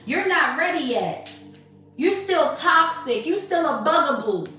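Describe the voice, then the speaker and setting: Woman, tarot reader, blunt, sassy, profane, bright high voice, off mic, heavy echo, faint music behind. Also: expressive, measured pace, recorded from a distance. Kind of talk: spiritual tarot reading.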